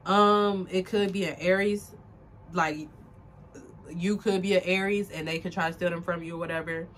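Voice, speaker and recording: Young woman tarot reader, lowish voice, casual and rambling, on the verge of crying, faint noise behind. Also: fairly even intonation, moderate pace, a bit bright. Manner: rambling, filler-heavy, emotional and tearful at times. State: close to tears. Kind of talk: casual general tarot reading to camera.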